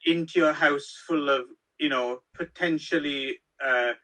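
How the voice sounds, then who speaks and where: A man's voice: a little high, fairly even intonation, unhurried, bright, forceful tone, rough recording. A man co-hosting a film review show, chatting casually and often answering with brief agreement. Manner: agreeable, brief back-channel replies. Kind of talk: casual chat.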